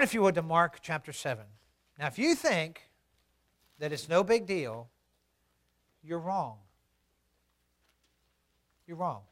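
A man, a pastor, delivering a sermon with animated storytelling, moving from soft asides to loud, emphatic preaching. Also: on the high side.

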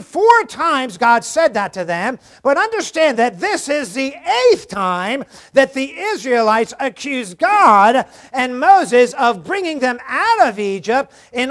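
A man with a very high voice preaches a sermon. He is a middle-aged pastor who talks earnestly to his congregation and keeps asking them questions. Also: a bit bright.

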